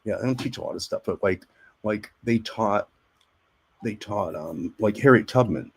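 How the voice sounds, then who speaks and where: A man's voice: on the low side, animated, normal speed, creaky, breathy edge. A man, an army veteran and actor, telling rambling stories as a guest in a casual interview. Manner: rambling, repeats words, acts out quoted voices.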